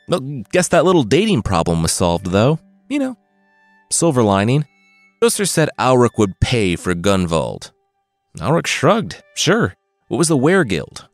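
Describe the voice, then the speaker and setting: A man's voice: fairly low pitch, no room sound. A man telling a saga as a comedic retelling, with wry, sarcastic asides. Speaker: storyteller host.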